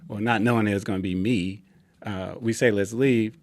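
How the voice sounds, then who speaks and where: Low-voiced man telling his story. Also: brisk, no room sound. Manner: relaxed, acts out quoted dialogue. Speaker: interview guest. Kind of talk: casual personal storytelling.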